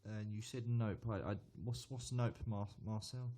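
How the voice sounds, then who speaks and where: A man's voice: fairly low pitch, fairly even intonation, normal speed, dark tone. A man reviewing a beer on a live stream, chatty and hesitant, often repeating words as he answers viewers.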